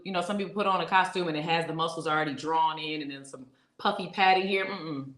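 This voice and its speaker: A woman's voice: low-pitched, steady tone, fast, hardly any pauses, a bit bright. A woman co-hosting a casual live-streamed podcast, chatting and reading out viewer comments. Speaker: podcast co-host. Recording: echoey room.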